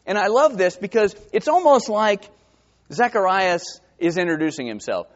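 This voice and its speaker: A man from New Jersey with a New Jersey accent, preaching a sermon that swings from hushed to emphatic. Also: very high-pitched, very animated, normal speed. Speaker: pastor. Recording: dull lo-fi sermon recording.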